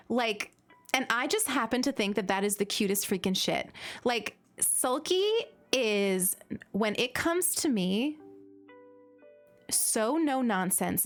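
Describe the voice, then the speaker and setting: A young woman streaming, chatting casually and giggling, with lots of filler words. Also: mid-range voice. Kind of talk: casual chat while gaming.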